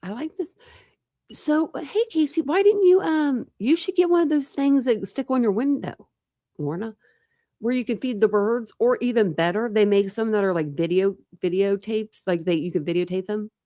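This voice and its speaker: A woman's voice: fairly high pitch, moderate pace, warm tone, dry recording, clean studio sound. A woman hosting a true crime channel, chatting casually and rambling to her live chat.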